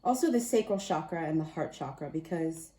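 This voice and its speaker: Low-voiced woman giving a rambling card reading. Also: expressive, a little fast, mellow. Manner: meandering, chatty, self-amused. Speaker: tarot and oracle card reader. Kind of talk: casual spiritual card reading. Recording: roomy echo, distant mic.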